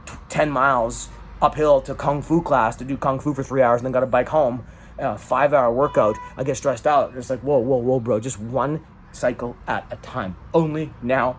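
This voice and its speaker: A man's voice: mid-range voice, a little hiss or hum. A man venting raw emotion in a rambling personal vlog monologue. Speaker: vlogger.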